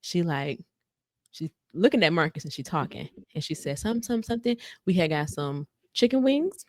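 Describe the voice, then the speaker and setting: Animated woman telling a story. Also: normal speed, dry recording, studio quality. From United States. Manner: animated, slangy, acts out quotes with big pitch jumps. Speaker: podcast co-host. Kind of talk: casual storytelling chat.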